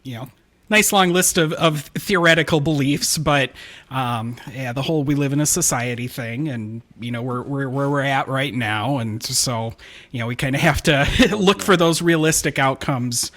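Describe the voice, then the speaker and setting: A man on a casual podcast works through his views hesitantly. He restarts often and leans on hedges, at a middle pitch. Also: normal speed, a bit bright. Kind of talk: casual discussion.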